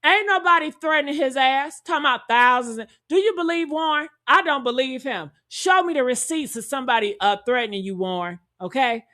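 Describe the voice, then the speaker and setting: A woman giving heated, profane reaction commentary, talking loudly and indignantly and calling out to her viewers. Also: high-pitched, fairly quick, hardly any pauses. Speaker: commentary streamer.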